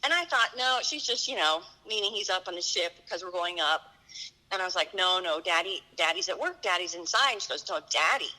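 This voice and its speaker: A woman's voice: lowish voice, lively intonation, a little fast, pushed and bright, rough recording. A middle-aged woman earnestly recounting a personal story, acting out the dialogue. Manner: earnest, vivid retelling with quoted dialogue. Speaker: guest telling her story.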